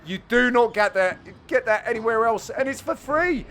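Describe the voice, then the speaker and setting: A man giving a cheeky, jokey, self-mocking voice-over commentary on amateur match footage, with bursts of excitement. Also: very high-pitched, normal speed. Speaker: channel host and commentator.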